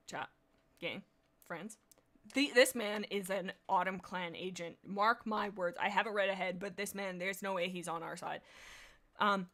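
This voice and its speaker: A woman's voice: fairly low pitch, normal speed, creaky, a bit bright. A woman hosting a livestream, chatting casually and reading aloud with bubbly, rambling asides. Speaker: livestream host.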